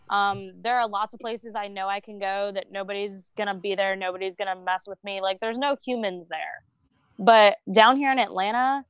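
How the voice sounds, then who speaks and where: Earnest woman, smooth dry voice. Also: mid-range voice, no room sound, lo-fi sound. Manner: earnest, candid about fears. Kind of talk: casual chat.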